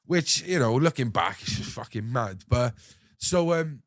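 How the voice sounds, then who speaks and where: A young man hosting a podcast, telling an animated story full of swearing and acting out what others said. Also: mid-range voice, measured pace, dry recording, clean studio sound. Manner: animated anecdote-telling, swears freely, acts out others' lines. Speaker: podcast host. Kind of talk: casual storytelling chat.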